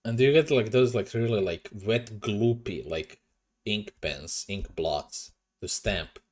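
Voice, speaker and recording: A man's voice: on the low side, a little slow, darkish tone. A young man streaming from home into a desk mic, chatting casually with his viewers, swearing and sounding self-conscious. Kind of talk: casual livestream chat. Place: home room. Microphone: desk microphone.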